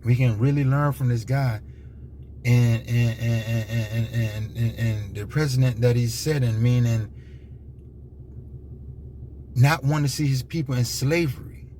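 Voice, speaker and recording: A man's voice: mid-range voice, steady tone, a little slow, long pauses, warm tone, slight background noise. Rambling man with emphatic restarts. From United States. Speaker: commentator. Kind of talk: unscripted monologue.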